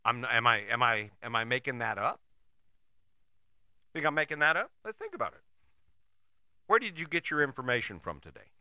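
A man's voice: mid-range voice, big pitch swings, moderate pace, pauses often, pushed and bright, dry recording, clean studio sound. A man giving a blunt, profane, emphatic motivational monologue, full of rhetorical questions and restarts.

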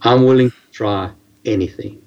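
Gravelly man telling a story. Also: fairly low pitch, lo-fi sound. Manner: animated, halting with many restarts. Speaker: guest telling his story. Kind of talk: casual storytelling.

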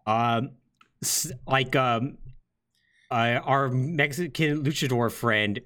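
A man's voice: mid-range voice, slow, clear, resonant tone. A young man co-hosting a casual podcast, talking loosely with fillers and short laughs. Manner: lively, rambling with fillers and laughs. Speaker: podcast co-host. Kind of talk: casual chat.

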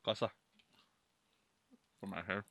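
A man's voice: deep voice, level tone, slow pace, gravelly, background noise. A young man hosting a snack-tasting vlog, joking around and swearing casually. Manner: joking, profane, laughs often. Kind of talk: casual chat.

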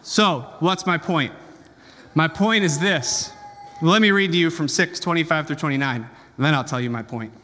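A man's voice: a little high, normal speed, sharp tone, long reverb tail, a little hiss or hum. A man preaching a sermon as pastor, conversational and joking, often checking in with the congregation.

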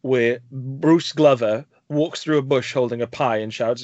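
Man, chatty podcast co-host, quick interjections, dull lo-fi sound. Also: mid-range voice, darkish tone, dry recording. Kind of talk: casual film chat. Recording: dry, dull lo-fi podcast audio.

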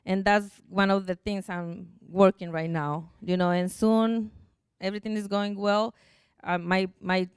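A middle-aged Mexican-accented woman tells her story to a church congregation, earnest and emotional, her English shaped by her native Spanish. Her voice is very clear and crisp, sitting at an ordinary pitch. The sound is dry and close, with no room echo. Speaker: church testimony speaker. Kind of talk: personal testimony to a congregation.

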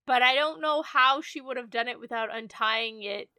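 A woman co-hosts a podcast in relaxed, chatty conversation with wry little asides. Her voice is bright and somewhat high, and it sounds dry and close to the mic. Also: moderate pace, clear, resonant tone, no room sound. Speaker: podcast co-host. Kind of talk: casual chat.

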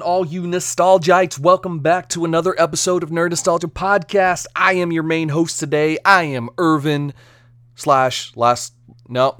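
Chatty, energetic male podcast host. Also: a little high, no room sound, studio quality. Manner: chatty and energetic, slipping into silly joke accents. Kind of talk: casual solo podcast review.

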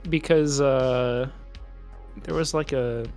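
A man's voice: medium pitch, steady tone, slow pace, a little mellow, faint music behind. Laid-back man in dry podcast chat. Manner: laid-back, dry, swearing, hesitant fillers. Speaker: podcast co-host. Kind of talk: casual movie review chat.

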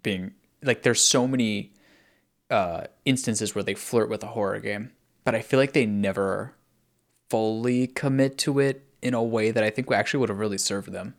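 Low-voiced man in animated chat. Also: moderate pace. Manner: animated, filler-heavy. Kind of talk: casual chat.

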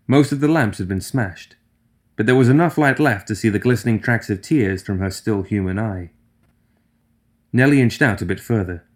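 A man narrating a fantasy story in an even, steady audiobook reading. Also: lowish voice.

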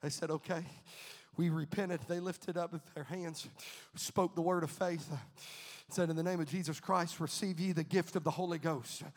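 Fervent high-voiced preacher in a reverberant church. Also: male voice, steady tone, moderate pace. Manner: fervent preaching, repeating phrases, many filler "uh"s. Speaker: pastor. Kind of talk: sermon.

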